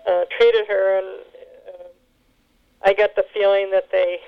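A woman telling family memories in an oral history interview, halting with many fillers and restarts. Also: medium pitch, little pitch movement, gravelly, clean tone. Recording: tinny phone line.

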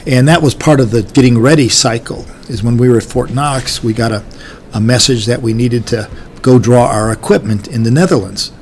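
A man's voice: medium pitch, moderate pace, a little hiss or hum. An older army veteran gives an oral history recollection of his service, talking in a folksy, rambling way with many restarts.

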